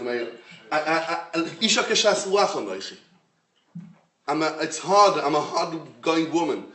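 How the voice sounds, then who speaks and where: A man, a rabbi giving a Torah lecture in English, his language being Hebrew, with an emphatic, animated storytelling manner. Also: on the high side, a little slow, pauses often. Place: lecture room. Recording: roomy echo, mic at a distance.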